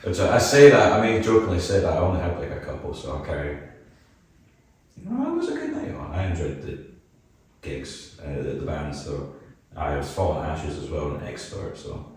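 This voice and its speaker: A young man with a broad Edinburgh Scottish accent talks in a rambling, self-deprecating way and laughs often. His voice sits extremely low. It is recorded from some distance in a very roomy, echoey space. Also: wildly swooping pitch, moderate pace, a little mellow. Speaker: band vocalist guest. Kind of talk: casual podcast chat. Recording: roomy echo, mic at a distance.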